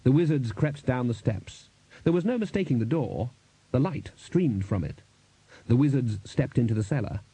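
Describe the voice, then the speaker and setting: A man reads a comic fantasy audiobook, his pitch moving expressively through each sentence. The voice is warm and slightly husky, recorded dry and close. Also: normal speed, dry recording, rough recording. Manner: lively, expressive reading. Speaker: narrator. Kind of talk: audiobook narration.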